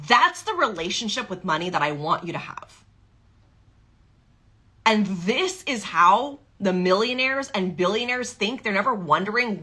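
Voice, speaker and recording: A woman's voice: on the high side, expressive, a little slow, sharp tone, slightly rough. A woman giving a motivational coaching talk on sales and money, emphatic and fond of acting out inner doubts in quoted voices.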